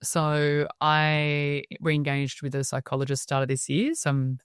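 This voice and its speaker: An Australian woman speaking as a podcast guest, telling stories in a lively, chatty way and laughing often. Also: deep voice, unhurried, clean tone, no room sound, clean studio sound. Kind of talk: casual interview storytelling.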